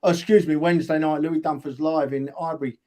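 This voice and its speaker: An older man speaks with earnest feeling as co-host of a fan chat. He stumbles over his first words, then presses his point. His voice is a bit higher than usual for a man. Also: steady tone, fast, darkish tone. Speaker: podcast co-host.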